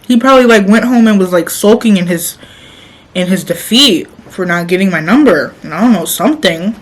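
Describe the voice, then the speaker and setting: A young woman chats to her camera at home between bites, eating while she talks. She is animated and laughs often, and her voice sits at an ordinary middle pitch. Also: brisk, low-quality recording. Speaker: vlogger. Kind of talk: casual storytelling mukbang.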